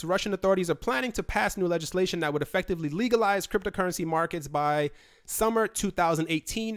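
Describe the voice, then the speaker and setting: A man with a smooth, clear, slightly high voice talks through crypto news on his own channel. He rambles casually, stumbling over fillers and restarting his sentences. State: running out of breath. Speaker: crypto news video host. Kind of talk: casual solo commentary.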